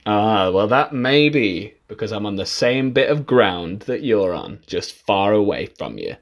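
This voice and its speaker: A man's voice: on the low side, very animated. A young man co-hosting a podcast in casual chat, joking and laughing often. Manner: jokey, laughs often, quick asides. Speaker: podcast co-host.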